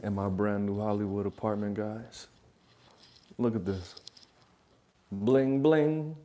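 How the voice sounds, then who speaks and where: Man, reaction host, low-pitched, mellow, blunt casual monologue, swears a lot, joking advice. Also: level tone, moderate pace, soft background music. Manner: profane, rambling, joking advice. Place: his apartment.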